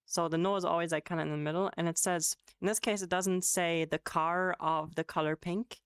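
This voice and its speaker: Giggly low-voiced woman streaming a lesson. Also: fairly even intonation, fairly quick, clear, resonant tone, no echo, studio quality. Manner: giggly, swears, chatty and loose. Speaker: streamer teaching Japanese. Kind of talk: casual live-stream lesson, answering chat. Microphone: headset. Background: faint music playing.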